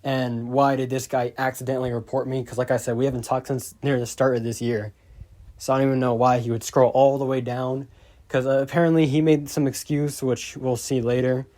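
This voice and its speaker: A man's voice: mid-range voice, flat delivery, brisk, dark tone. A man telling a storytime to his viewers in a casual, rambling way, getting exasperated and swearing as he rants. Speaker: YouTuber.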